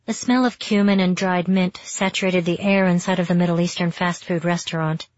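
A woman with a lowish voice reads a novel in the first person, steady and reflective. The sound is dry and a bit dull, with no room around it. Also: a little fast, dry recording. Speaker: audiobook narrator.

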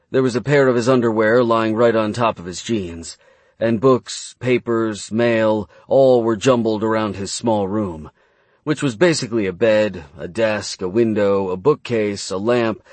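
Man, audiobook narration, measured, dramatic, dry close sound, low voice. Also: darkish tone, no room sound.

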